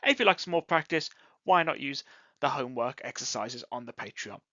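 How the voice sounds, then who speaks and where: An English teacher explains a lesson in a bright, lively voice that swoops up and down to show intonation. The delivery is clear and encouraging. It is a dry, slightly dull, lo-fi recording with no room sound. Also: mid-range voice, a little fast, no echo. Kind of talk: online language lesson.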